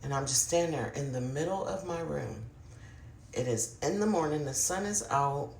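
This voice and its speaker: An adult vlogger telling a personal paranormal story to camera in a confiding, casual way, often speaking straight to viewers and sometimes dropping to a hushed murmur. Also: mid-range voice, expressive, moderate pace, gravelly, echoey room, slight background noise.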